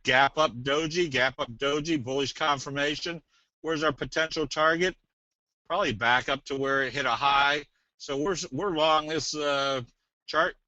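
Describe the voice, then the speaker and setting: A man presenting a casual trading webinar, talking in a folksy, rambling way and slipping into a sales pitch. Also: pushed and bright, no room sound, muffled recording. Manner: folksy, rambling, tells jokes.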